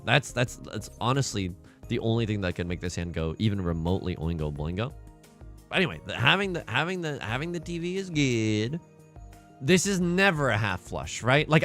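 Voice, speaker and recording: Animated jokey man streaming a game. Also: mid-range voice. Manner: animated, jokey, repeats phrases, mock outrage. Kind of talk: casual livestream gameplay commentary.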